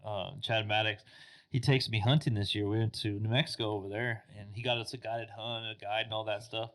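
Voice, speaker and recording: Bright-voiced easygoing podcast co-host. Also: male voice, on the low side, steady tone, brisk. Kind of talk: casual chat.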